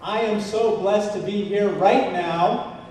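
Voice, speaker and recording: A man's voice: high voice, slow pace, a crowd in the background. A man running for Congress, giving an earnest campaign speech at a gala, with jokes and rising emphasis. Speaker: congressional candidate. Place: large banquet hall. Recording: echoey hall from far off, faint noise.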